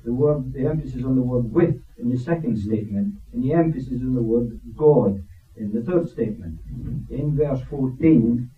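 A man's voice: medium pitch, brisk. A man at a Bible study, carefully summarizing the points with some hesitation. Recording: echoey, distant, tinny recording.

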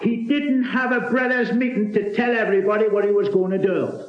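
A man delivers a sermon in a fairly high voice that swings widely up and down. He stresses his points by repeating key phrases. The recording sounds roomy and dull, like an old lo-fi tape. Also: animated, normal speed, hardly any pauses. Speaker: preacher.

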